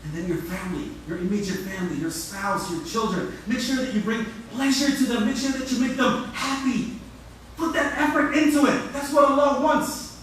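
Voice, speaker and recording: A man's voice: very high-pitched, moderate pace, fairly bright tone, a little hiss or hum. A man preaching as an imam, talking energetically and conversationally, repeating words as he goes, recorded in a mosque prayer hall. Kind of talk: sermon. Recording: echoey hall from far off.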